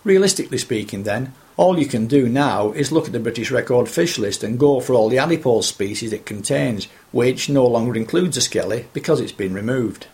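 A man interviewing a fellow angler, speaking in measured, articulate, full sentences. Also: mid-range voice, animated, a little mellow.

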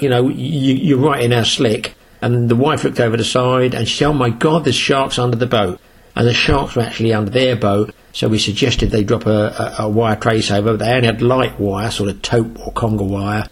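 An older British angler with a low, husky voice tells long, boastful stories about his catches. He rambles from one tale to the next in a relaxed, conversational way. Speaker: sea angler. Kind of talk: casual spoken anecdote.

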